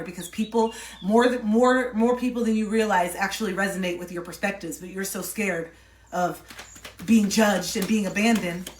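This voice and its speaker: A woman spiritual coach reads cards for her viewers in a loose, blunt, profane flow. Her voice sits at an ordinary middle pitch. It comes from a little way off the mic in a room that echoes. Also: recorded from a distance, a little hiss or hum. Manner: loose, profane, free-flowing. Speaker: spiritual coach and tarot reader. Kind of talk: casual livestream reading.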